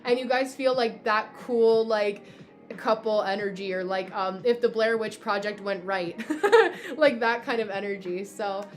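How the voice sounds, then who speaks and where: A woman's voice: mid-range voice, a little slow, soft background music. A young woman from New Jersey with a New Jersey accent, hosting a casual astrology livestream and chatting with viewers by name, full of fillers. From New Jersey, USA. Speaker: livestream host, astrology reader. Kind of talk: casual livestream chat reading comments.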